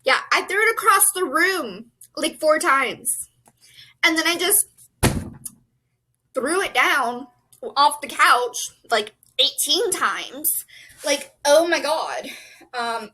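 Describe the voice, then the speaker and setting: A young woman chatting casually to camera as a book vlogger, bubbly and excitable, full of "like" and "um". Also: sits high, slow pace, long pauses, poor audio.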